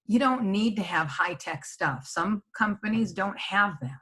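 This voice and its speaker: A woman's voice: mid-range voice, expressive, measured pace, a bit bright, slightly rough. A middle-aged woman giving a webinar presentation from home in a conversational way, often checking in with "right?". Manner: conversational, tags points with "right?". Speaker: senior living presenter. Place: home office.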